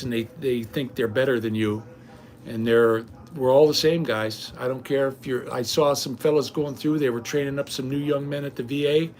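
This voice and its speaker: A man's voice: medium pitch, darkish tone. Rambling folksy older man. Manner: folksy, rambling, frequent restarts and stammers. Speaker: vlogger. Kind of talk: casual rambling chat to viewers.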